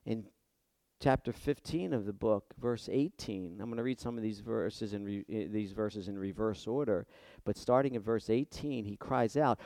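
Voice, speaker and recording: A man preaching a sermon with passion, dropping to a hush and then rising loud and emphatic, often repeating words as he builds. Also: fairly low pitch, normal speed, no echo. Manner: impassioned, swinging from hushed to loud and emphatic; repeats words when stirred.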